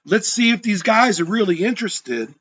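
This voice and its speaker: A man who hosts a real estate podcast, telling a story in a high, lively voice that swings widely. His tone is a bit husky, and he acts out both sides of a quarrel. The recording sounds dull and lo-fi. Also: normal speed. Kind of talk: storytelling monologue.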